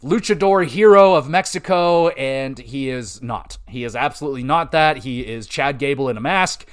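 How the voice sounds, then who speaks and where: A young man hosting a casual wrestling podcast, excitable and profane, rambling with lots of filler. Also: mid-range voice, normal speed, clear, resonant tone. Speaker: podcast host.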